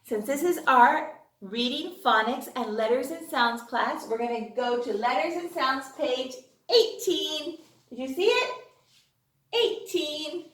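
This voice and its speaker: A woman teacher leading an online phonics lesson for young children, drawing out each word slowly and cheering them on. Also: high voice. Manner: slow, drawn-out word modeling with lively cheering. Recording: echoey room.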